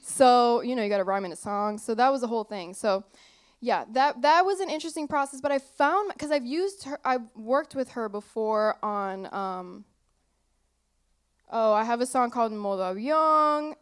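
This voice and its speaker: A woman's voice: on the high side, expressive, moderate pace, smooth. Chatty giggly young woman on stage. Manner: chatty, giggly, loses her train of thought. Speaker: singer-songwriter guest. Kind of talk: casual interview on stage. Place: small theater stage.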